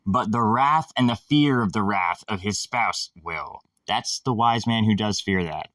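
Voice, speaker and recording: A man's voice: fairly low pitch, measured pace, a bit bright, no echo, clean studio sound, distant mic. A man hosting a casual monologue, rambling, sarcastic and irreverent, swearing freely.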